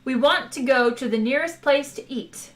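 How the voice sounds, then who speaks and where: A boastful, swaggering male adventurer, as a woman reading aloud puts him on. He talks loudly and cockily, and the voice rides high. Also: moderate pace, faint music behind, close to an everyday voice. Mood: brash. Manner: loud, cocky, shouting.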